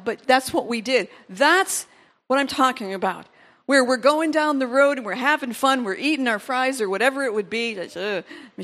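A woman pastor preaching a sermon, telling stories and acting out the voices of people in them. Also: high voice. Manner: storytelling, animated, acts out quoted voices.

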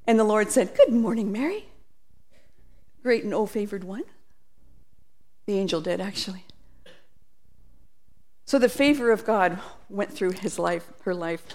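A woman preaching a sermon, animated, acting out quoted voices and reading scripture aloud. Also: medium pitch, unhurried, long pauses.

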